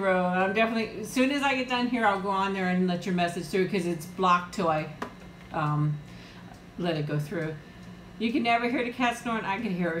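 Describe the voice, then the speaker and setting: A woman's voice: medium pitch, echoey room, slight background noise, poor audio. A woman hosting a casual live-chat eating stream from home, talking in a rambling way and laughing often. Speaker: livestream host.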